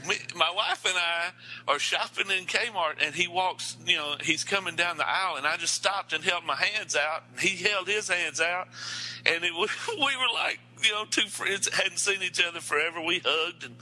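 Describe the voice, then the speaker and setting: Bright, tense man telling a story. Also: sits high, normal speed, slight background noise, rough recording. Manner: animated, laughing storyteller. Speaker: podcast co-host, former teacher. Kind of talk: casual storytelling chat.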